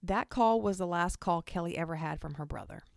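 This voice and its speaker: A woman's voice: lowish voice, brisk, creaky, dry recording. A woman hosting a true crime podcast, narrating the case in an earnest, direct way and speaking to her listeners. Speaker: podcast host.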